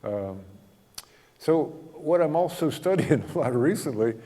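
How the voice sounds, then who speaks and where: A man giving a spiritual talk, telling stories in a gentle, humorous way and chuckling often. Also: on the high side, lively intonation, a little slow. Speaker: spiritual teacher. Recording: long hall reverb.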